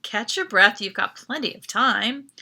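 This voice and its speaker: A woman's voice: mid-range voice, expressive, measured pace, creaky, pushed and bright, full character voice. A woman voicing an easygoing woman security guard who speaks in a breezy, reassuring way.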